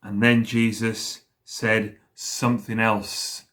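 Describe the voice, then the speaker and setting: A man leading school worship, slowly retelling a story for children and pausing to ask them questions. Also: lowish voice, flat delivery, a bit bright.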